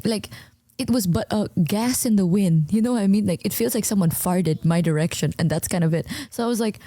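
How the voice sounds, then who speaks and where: A young woman streamer talking quietly at home, telling a story to her chat with animated, stammering imitations of herself. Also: medium pitch, fast talker, no room sound. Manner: hushed, quiet, keeps voice down. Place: at home, indoors.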